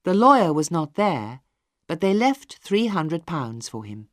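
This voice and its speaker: Slow, deliberate woman narrator. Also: on the low side, big pitch swings, no room sound, clean studio sound. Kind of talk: slow graded-reader audiobook narration.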